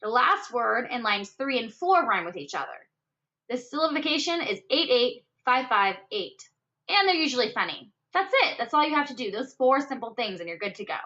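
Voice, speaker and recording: A woman's voice: fairly high pitch, big pitch swings, pushed and bright. Upbeat woman teaching a poetry lesson. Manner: upbeat, stresses words and counts syllables slowly. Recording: dull lo-fi recording.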